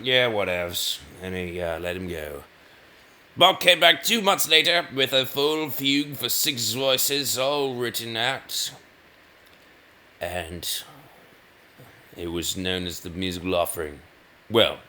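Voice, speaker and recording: A man's voice: sits low, bright, forceful tone, slight background noise. A man giving rambling commentary over gameplay, often correcting himself mid-sentence. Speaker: gaming video host.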